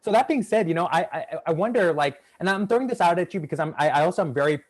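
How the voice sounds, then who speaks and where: A man's voice: fairly high pitch, animated, rapid-fire. Earnest, rambling male podcast host. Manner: enthusiastic, earnest, rambling questions. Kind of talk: casual conversational interview.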